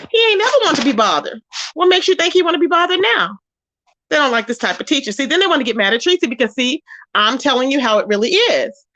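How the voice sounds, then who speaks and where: A woman's voice: sits high, a bit bright, no echo, dull audio. A woman hosting a casual gossip commentary stream, sassy and blunt, scolding people she talks about and greeting viewers by name. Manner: sassy and blunt, scolding, frequent "child, okay?". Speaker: YouTube commentary host.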